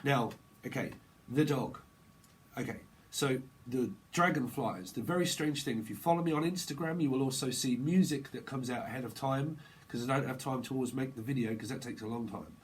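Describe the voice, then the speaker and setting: A man giving a casual live tarot reading, rambling and excitable, repeating himself and using slang. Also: medium pitch, fairly quick, a little hiss or hum. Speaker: tarot reader.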